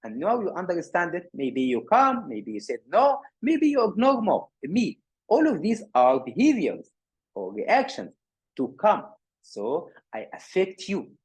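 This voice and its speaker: A man giving a workshop lecture on physical therapy, animated, often repeating words and restarting. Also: high-pitched, unhurried, husky. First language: Arabic.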